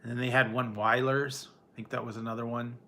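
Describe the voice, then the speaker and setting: A man's voice: mid-range voice, little pitch movement, brisk, sharp tone. Chuckling man chatting on a home livestream. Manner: rambling, chuckles often, talks to his pet. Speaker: livestream host. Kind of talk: casual chat with live chat viewers.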